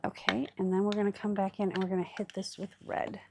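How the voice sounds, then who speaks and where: A woman's voice: mid-range voice, little pitch movement, fast talker, vocal fry, noisy background. A woman hosting a crafting livestream, chatting casually and thinking aloud with fillers as she works.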